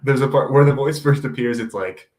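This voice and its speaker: A man's voice: mid-range voice, fairly quick, a little mellow. A man co-hosting a casual book podcast, laughing easily and agreeing often. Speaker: podcast co-host. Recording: roomy echo.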